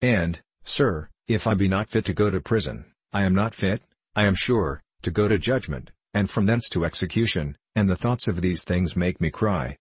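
A man's voice: low voice, lively intonation, normal speed, slightly rough, no echo. Man reading as Christian, a troubled pilgrim. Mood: anxious. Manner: solemn, pleading old-fashioned speech. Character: troubled earnest male pilgrim, grown man. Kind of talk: storybook reading.

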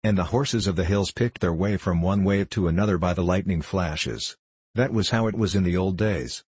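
Old tricksy sprite guy, wry and knowing, low husky voice, dry sound, as a man reads him. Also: moderate pace, darkish tone, no echo. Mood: scornful. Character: ancient mischievous male hill sprite, knowing and wry. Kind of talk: audiobook character reading.

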